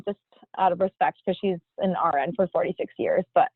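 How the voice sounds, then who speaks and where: A woman's voice: fairly low pitch, fairly even intonation, fairly quick, gravelly, no room sound. A woman in her thirties sharing a personal story in casual chat, chatty and emotional, filling her talk with "like". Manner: chatty, emotional, says "like" a lot. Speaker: testimonial guest. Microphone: video call. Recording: dry, phone-like line.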